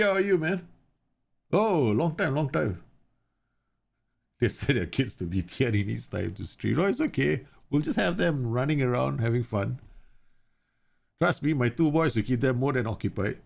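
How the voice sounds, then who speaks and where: Low gravelly man chatting on a stream. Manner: chatty, rambling and animated. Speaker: game streamer. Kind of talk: casual live-stream chat.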